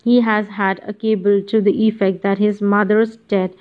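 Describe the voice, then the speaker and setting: A woman reading the lines of a calm, considerate English college principal in an audiobook, muffled audio. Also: medium pitch, normal speed, close to an everyday voice.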